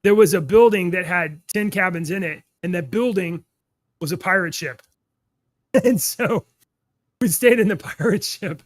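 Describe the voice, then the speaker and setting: A man in his thirties co-hosting a podcast, chatting casually and telling animated, rambling stories with laughs. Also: high voice, normal speed, dry recording. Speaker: podcast co-host. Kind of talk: casual chat.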